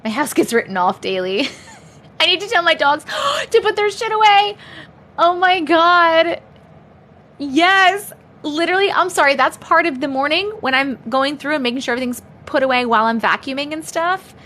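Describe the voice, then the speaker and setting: A woman's voice: high voice, animated, brisk, pushed and bright. A young adult woman hosting a casual livestream chat from home, chatty, laughing often and swearing freely. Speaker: livestream host.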